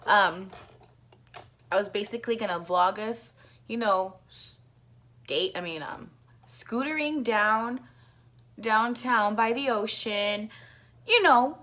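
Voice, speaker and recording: A woman tells a story to her vlog audience in a loose, rambling way. Her speech is thick with filler words and casual swearing, and she coughs now and then. Her voice sits at an ordinary middle pitch for a woman. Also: slow, pauses often, fairly bright tone. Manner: rambling, full of "like" fillers, profane. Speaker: vlogger.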